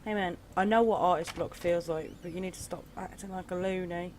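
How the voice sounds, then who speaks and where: A woman's voice: fairly low pitch, fairly even intonation, a little fast, darkish tone, a little hiss or hum. Joking woman narrating her gameplay. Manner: jokey, talks back to the game, yelps when startled. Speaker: let's play gamer. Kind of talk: casual gameplay commentary.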